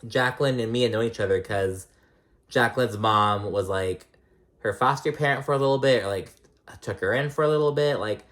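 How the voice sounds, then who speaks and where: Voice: medium pitch, moderate pace, fairly bright tone. A reality TV recap vlogger in casual commentary, rambling and swearing often, full of "like" and "um.".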